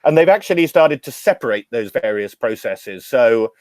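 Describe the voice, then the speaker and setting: A middle-aged man holds forth on the craft of the bar, rolling from one anecdote to the next with a wry, knowing humor. His voice sits at a middling pitch and sounds close and dry, with no room around it. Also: lively intonation, normal speed, a little mellow, no echo. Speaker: podcast guest, drinks educator. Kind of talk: casual storytelling interview.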